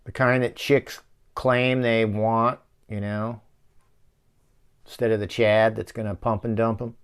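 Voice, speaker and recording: A man's voice: lowish voice, level tone, a little slow, clean tone. A man hosting a casual movie-riffing show from his office, rambling and swearing as he rants. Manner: rambling, profane, ranting. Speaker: show host.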